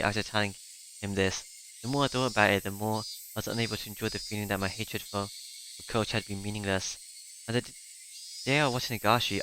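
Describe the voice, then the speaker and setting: A man's voice: lowish voice, bright, forceful tone, slight background noise, rough recording. A man reading a visual novel aloud, hesitant and correcting himself as he goes. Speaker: reader.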